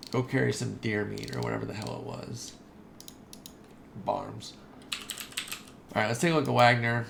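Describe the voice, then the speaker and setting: A man giving casual, chatty commentary over his own game playthrough, excitable and talking straight to his viewers. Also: medium pitch, normal speed, creaky, background noise. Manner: chatty and excitable, says dude and y'all. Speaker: gaming video host.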